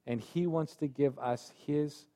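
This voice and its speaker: A man preaching a sermon, telling a story earnestly and moving between loud urgent phrases and soft quiet ones. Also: a little high, a little slow.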